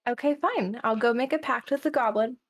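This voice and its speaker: A woman speaks as her character in a tabletop game, pushing and bargaining hard for what she wants. Her voice sits high. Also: brisk. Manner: pushy, bargaining. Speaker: player.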